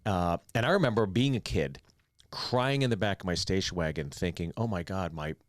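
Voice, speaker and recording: A man in his forties with a very deep voice co-hosts a casual podcast. He speaks in a relaxed, earnest way. The mic is close and the sound is dry. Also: normal speed, no room sound. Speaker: podcast co-host.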